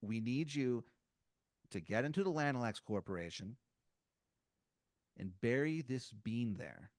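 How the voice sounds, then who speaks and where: A man's voice: medium pitch, expressive, measured pace, no room sound, studio quality, natural voice. A man playing a mysterious male figure in an astronaut helmet, speaking urgently and pleading.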